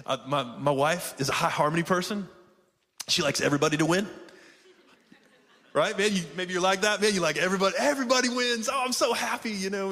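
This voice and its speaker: Fervent preaching rings through an echoing hall from a pastor whose voice sits on the high side and sounds fairly bright. He keeps calling out to those gathered and frequently says "man."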